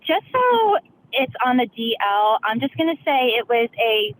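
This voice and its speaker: Chipper woman caller, fairly high voice. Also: big pitch swings, unhurried, low-quality recording. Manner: chipper, laughs while telling grim story. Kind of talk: telling a story on a call-in show.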